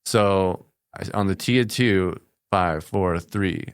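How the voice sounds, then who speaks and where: A man's voice: deep voice, takes it slowly, clear, resonant tone, dry recording. A man from the United States, a podcast guest, telling combat stories in a plainspoken, matter-of-fact way in a studio. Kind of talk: casual storytelling in conversation.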